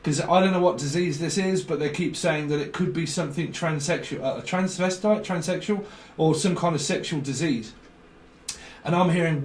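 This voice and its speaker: A man's voice: a little high, fairly quick, echoey room, distant mic, a little hiss or hum. A man gives a tarot reading, rambling and free-associating, full of fillers and swearing. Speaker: tarot reader.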